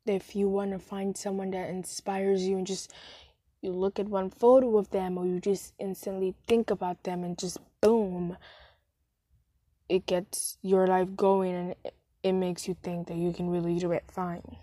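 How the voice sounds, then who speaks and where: A woman's voice: mid-range voice, little pitch movement, unhurried, dark tone, no room sound, clean studio sound. A young woman hosting a casual solo podcast, rambling and self-deprecating, recorded on a phone with wired headphones. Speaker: podcast host. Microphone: phone voice recorder app with wired headphones.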